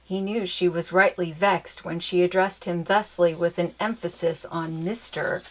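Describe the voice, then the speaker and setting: A woman reading a children's chapter book aloud in an expressive, lilting storytelling manner. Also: lowish voice, a little slow.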